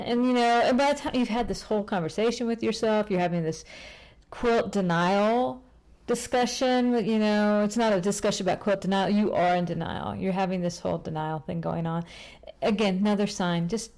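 Chatty middle-aged woman vlogging, rambles and restarts a lot, lively swoops up in pitch here and there. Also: normal speed. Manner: rambling, chatty, self-interrupting. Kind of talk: casual chat to camera.

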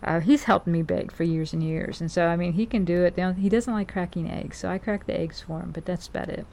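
Chatty middle-aged woman, low voice. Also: fast, gravelly, a little mellow. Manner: chatty, rambling, self-correcting. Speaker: vlogger. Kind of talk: casual chat to viewers.

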